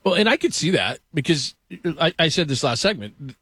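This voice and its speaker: A man's voice: a little high, big pitch swings, moderate pace, bright, forceful tone, slightly rough, no echo. A man hosting a sports talk show, chatting casually and quizzing his co-host.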